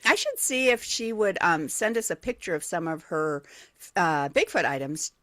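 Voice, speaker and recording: A woman's voice: lowish voice, sing-song, normal speed, fairly bright tone, no echo. A woman co-hosting a morning radio show, chatty and rambling in casual banter into a studio mic.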